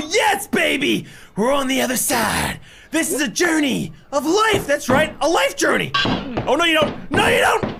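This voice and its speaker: A man giving raging gameplay commentary, shouting threats and insults at the game character. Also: very high-pitched, creaky, a little hiss or hum. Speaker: gamer streaming a game.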